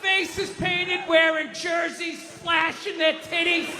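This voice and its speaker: A man doing a profane, shouting stand-up comedy rant at a live show. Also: very high-pitched, flat delivery, slow, music in the background. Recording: live show with audience noise.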